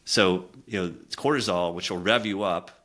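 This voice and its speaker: At normal speed, a middle-aged communication coach whose voice sits low shares an honest personal story. His manner is earnest and reflective, with quiet drops during the emotional moments.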